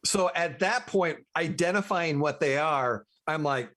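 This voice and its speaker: Man, tabletop player, slightly high voice, chatty, thinking aloud. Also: a little slow, a bit bright. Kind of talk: tabletop game play.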